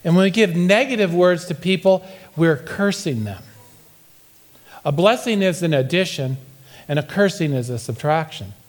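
A man's voice: on the high side, animated, normal speed. A middle-aged man preaching a humorous sermon in church, telling playful stories and acting out quotes. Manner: playful storytelling, acts out quotes. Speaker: pastor. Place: church sanctuary.

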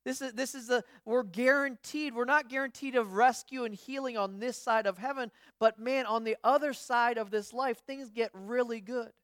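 A woman's voice: fairly high pitch, moderate pace, few pauses, no echo, clean studio sound. A woman pastor giving a conversational sermon, telling stories with frequent restarts and acting out what others say. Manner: storytelling, frequent restarts, acts out quoted voices.

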